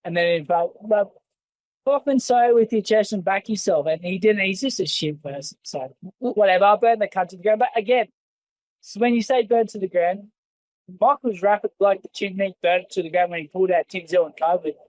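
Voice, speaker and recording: A man's voice: high voice, brisk, a little mellow, dry recording, low-quality recording. An Australian man, a former fighter, telling stories in an interview in a blunt, rambling and heavily profane way. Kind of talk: casual interview storytelling.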